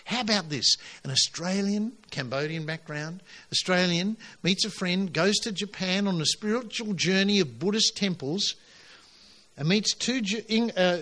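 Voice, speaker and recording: A man preaching a sermon to his congregation, emphatic and animated, pushing his voice up on key lines. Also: high voice. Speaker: pastor.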